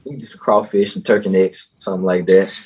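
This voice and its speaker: A man's voice: low voice, fairly even intonation, fast talker, a little mellow. A man from Louisiana with a Southern accent, a guest talking easily in a casual chat.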